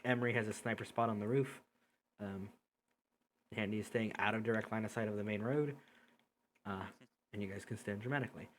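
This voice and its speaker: A man's voice: fairly low pitch, fairly even intonation, a little fast, long pauses, a little hiss or hum. A man running a tabletop game as game master over a voice call, casually explaining rules and the map. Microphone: headset or desk mic on a voice call.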